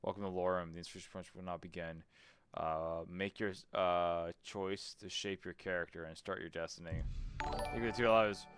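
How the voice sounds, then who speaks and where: A man's voice: low-pitched, steady tone, moderate pace, fairly bright tone, smooth, faint music behind. A man streaming a game, thinking aloud, swearing casually and reading menu text as he goes. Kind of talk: casual let's-play commentary.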